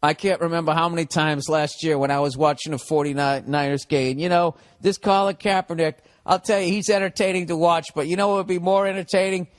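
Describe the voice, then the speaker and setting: A man's voice: a little high, fairly even intonation, fairly quick, hardly any pauses, dry recording, clean studio sound. A middle-aged man with a Boston accent ranting solo on his podcast, profane and sarcastic, asking and answering his own questions. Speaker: podcast host. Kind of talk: solo comedic rant.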